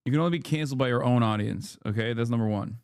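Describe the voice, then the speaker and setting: A man in his thirties from the United States rants on a live stream. He swears a lot and hammers his points with repetition. His voice is mid-pitched and sounds dry and close. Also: rapid-fire, darkish tone, no room sound. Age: 30s. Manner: emphatic, profane, repeats himself for stress. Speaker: streamer and political commentator. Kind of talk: casual ranting commentary.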